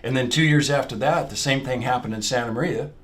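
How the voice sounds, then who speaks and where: A man's voice: medium pitch, fast, a bit bright, a little hiss or hum. A middle-aged man, a guest from the fair business, telling long rambling anecdotes in a casual, blunt way. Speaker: guest, fair industry executive. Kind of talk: casual storytelling chat.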